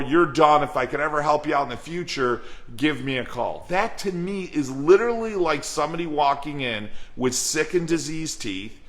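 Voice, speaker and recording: Male chiropractic coach, bright forceful voice, earnest and repetitive, rhetorical questions to peers. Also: fairly high pitch. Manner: acts out dialogue in an everyday voice. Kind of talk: motivational talk to colleagues.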